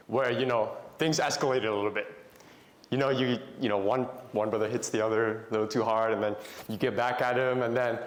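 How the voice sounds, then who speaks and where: Young man, Christian speaker, storytelling, asks the crowd questions, mid-pitched voice, roomy echo. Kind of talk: faith talk to young men. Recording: echoey room.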